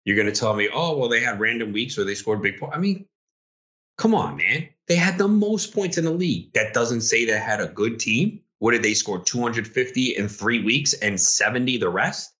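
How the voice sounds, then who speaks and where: A man's voice: medium pitch, animated, moderate pace, sharp tone. A young man co-hosting a casual podcast chat, ranting heatedly as a league commissioner.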